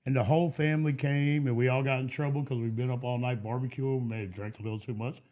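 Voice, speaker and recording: A man's voice: mid-range voice, steady tone, fast, darkish tone. A man, a podcast guest, telling laid-back stories in casual chat and laughing often. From Texas.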